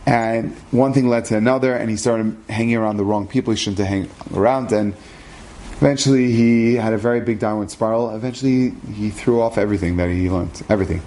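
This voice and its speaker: A man's voice: fairly low pitch, fairly quick, slight background noise. Man telling a story conversationally. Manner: lively, conversational, sprinkled with Hebrew terms. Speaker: rabbi telling an inspirational story.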